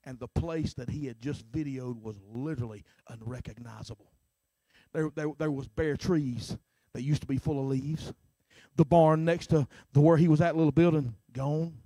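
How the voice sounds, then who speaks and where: A middle-aged man preaching a sermon as pastor, starting lines with a filler "uh" and swinging from shouts to hushed talk. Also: on the high side, fairly even intonation, normal speed, dry recording. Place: church sanctuary.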